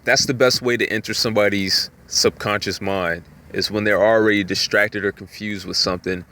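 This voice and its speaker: A man talking in a rambling, casual monologue, full of "you know" fillers, sometimes jumping up in pitch to act out voices. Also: steady tone, normal speed, sharp tone. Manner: acts out voices with jumps in pitch.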